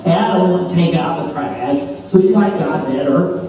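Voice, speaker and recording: Man, kids' camp preacher, playful storytelling, high mellow voice, distant echoey hall. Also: a little slow, slight background noise. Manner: animated, playful, jokey asides. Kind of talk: storytelling sermon for kids.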